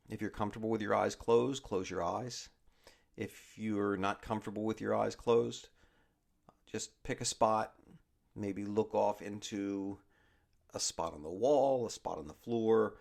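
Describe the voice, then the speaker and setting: Man, low and gravelly, leading a calm guided body scan meditation. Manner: calm, slow spoken instructions.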